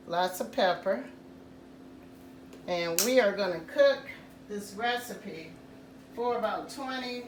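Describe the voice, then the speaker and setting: A woman hosting a casual home cooking tutorial, talking slowly and repeating "guys" to her viewers. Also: mid-range voice, roomy sound, slight background noise. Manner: slow, repetitive, says "guys" often. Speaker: cooking channel host.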